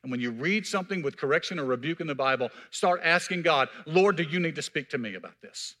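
A man preaching a sermon with a bright, forceful voice that sits a little high. He teaches and retells the story in his own voice, now and then calling out to the congregation. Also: animated, quick pace. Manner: preaching with call-outs to the congregation. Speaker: pastor.

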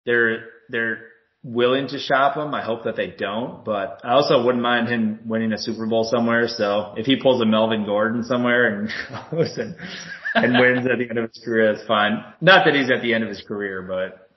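A man co-hosting a casual sports chat, animated and swearing a lot as he retells a heated argument. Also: mid-range voice, normal speed. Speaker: podcast co-host. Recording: roomy, dull lo-fi sound.

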